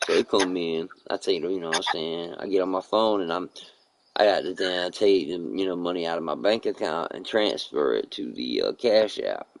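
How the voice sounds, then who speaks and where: A man's voice: low voice, moderate pace, gravelly, slight background noise. A man live streaming who tells a rambling, profane story in casual chat, acting out the other people's lines as he goes. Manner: profane, rambling, animated retelling with quoted dialogue.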